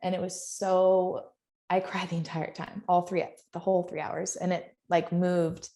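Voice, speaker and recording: A woman guest telling a personal story in a slightly low voice with plenty of vocal fry. She speaks earnestly and with deep feeling, and laughs often between her sentences. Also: little pitch movement, a little slow, dark tone. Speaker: podcast guest.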